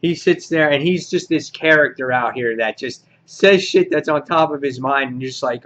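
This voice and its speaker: A man giving a casual comic book review, rambling with many filler words and getting excited as he goes. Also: a little high, moderate pace, few pauses, lo-fi sound.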